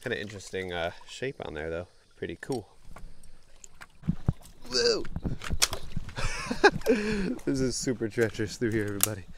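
A young man, chatting excitedly to viewers while wading a creek, sniffling from allergies. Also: lowish voice, normal speed, long pauses, noisy background. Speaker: bottle-hunting vlogger. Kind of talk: casual outdoor vlog narration. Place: outdoors in a creek.

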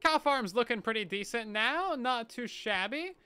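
This streamer's voice is very high, pushed and bright, with a clean tone, animated and at normal speed. He chats casually and playfully with viewers as he plays a game live, now and then feigning panic.

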